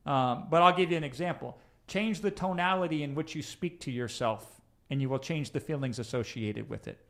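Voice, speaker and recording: A man with a voice pitched a little higher than usual coaches a live audience in a loose, conversational way. He speaks straight to his listeners and keeps checking in with them. He often restarts his sentences as he works through his points out loud. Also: a little fast. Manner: conversational, addresses listeners directly with tag questions; frequent restarts and fillers while thinking aloud. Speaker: coach hosting a live session. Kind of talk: live-streamed coaching talk.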